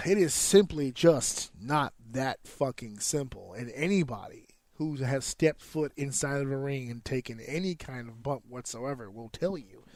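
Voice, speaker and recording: A man's voice: mid-range voice, no echo. A man, a wrestler hosting a podcast, explains in a casual, profane monologue, counting out rhythms with sound effects.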